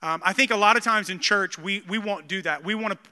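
Bright-voiced pastor preaching. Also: male voice, high-pitched, fairly quick, long reverb tail. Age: 30s. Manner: energetic, storytelling with frequent restarts. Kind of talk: sermon.

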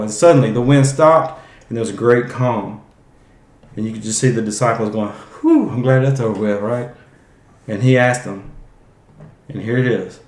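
A man's voice: mid-range voice, moderate pace, a little mellow. Man teaching Bible in an echoey room. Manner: conversational, restarts phrases, acts out Bible quotes. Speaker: podcast host. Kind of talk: casual Bible teaching podcast.

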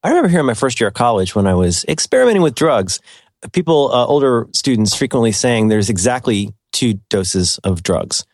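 A man's voice: mid-range voice, very animated, brisk, no room sound, clean studio sound. A man hosting a casual podcast, rambling and self-deprecating, laughing often as he reads a sponsor spot. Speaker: podcast host.

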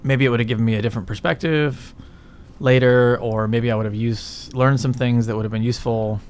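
A man's voice: mid-range voice, fairly even intonation, a little fast, clear, resonant tone. A middle-aged man, a business guest in an interview, talking casually in a rambling way, swearing often and tagging his points with "right?". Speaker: guest entrepreneur.

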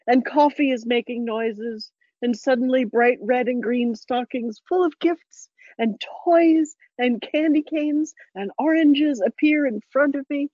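A woman's voice: fairly high pitch, a little mellow, no echo, highs cut off. A woman reading a personal story aloud to a room in a tender, heartfelt way, often close to tears.

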